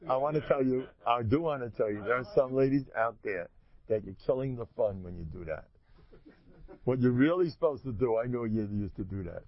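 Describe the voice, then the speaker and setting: Male lecturer, gravelly, rambling storyteller, muffled lo-fi recording. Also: mid-range voice, lively intonation, a little fast. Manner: rambling storyteller who acts out dialogue. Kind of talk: informal religious talk to an audience. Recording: muffled lo-fi recording with faint noise.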